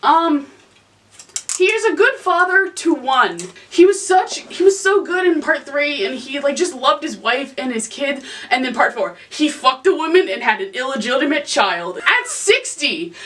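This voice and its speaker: A woman's voice: sits high, lively intonation, measured pace, a bit bright. A young woman ranking characters in a casual, exasperated rant, swearing freely. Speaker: host. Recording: voice from some distance to the mic.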